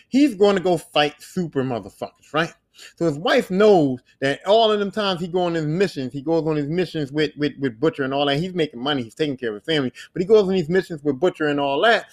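Man, high voice, casual profane podcast rant. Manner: profane, rambling, acts out quoted characters in exaggerated voices. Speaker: podcast host. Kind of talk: casual comedic monologue recapping a show.

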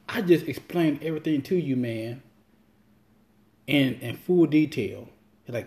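Mellow-voiced man in a casual rant. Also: medium pitch, lively intonation, fairly quick. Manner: loose, rambling, swears freely, acts out quotes. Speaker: podcast host. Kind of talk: casual monologue.

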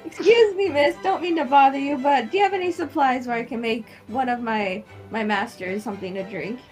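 A woman player voicing a timid halfling servant in a tabletop game, giggly and squeaky in character. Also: brisk, a little mellow, soft background music.

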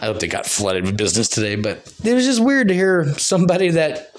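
A podcast host rambles through a loose solo show, his voice brisk and on the high side. He swears often and laughs between thoughts.

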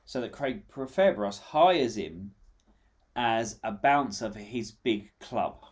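A man's voice: on the low side, animated, slow pace, breathy edge. An English man hosting a casual comedy podcast, telling a rambling, jokey story with lots of fillers. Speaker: podcast host.

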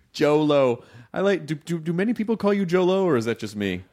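A man hosting a podcast in casual comedic chat, teasing his guest with quick crude jokes. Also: a little high, expressive, a little mellow. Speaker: podcast host.

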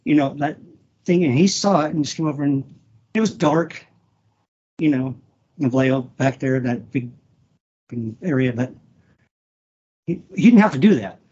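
Husky man, halting and emotional. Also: fairly high pitch, expressive, warm tone, lo-fi sound. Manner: halting, emotional, swears freely. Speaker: guest, former wrestler. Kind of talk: casual podcast interview.

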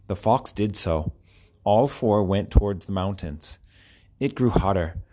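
A man reading short children's stories aloud with clear, expressive storytelling. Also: low voice, a little slow. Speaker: narrator.

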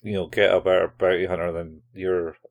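A man with a very low voice talks casually on a podcast as he retells scenes from a show. He is laid-back and laughs often. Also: flat delivery, fairly quick, creaky. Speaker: podcast co-host. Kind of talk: casual chat recapping a show.

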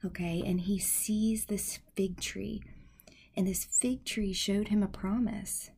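A woman hosting a devotional podcast who speaks in a soft, earnest, half-whispered way, praying and teaching from scripture. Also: mid-range voice, steady tone, slow, vocal fry, husky. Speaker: podcast host. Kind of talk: devotional podcast talk with prayer.

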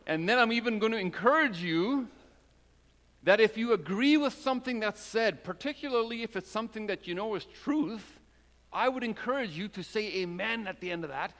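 A man preaching a sermon as pastor of his church, talking in a casual, joking way and dropping into a soft, low voice when he prays. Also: lively intonation, normal speed. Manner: conversational and joking, with prayers spoken low and soft. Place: church sanctuary. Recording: long hall reverb.

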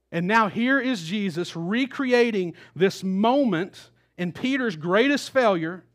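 High-voiced man preaching a casual sermon. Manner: casual storytelling preacher, acts out quotes, repeats words. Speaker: pastor. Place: church auditorium. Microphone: stage microphone.

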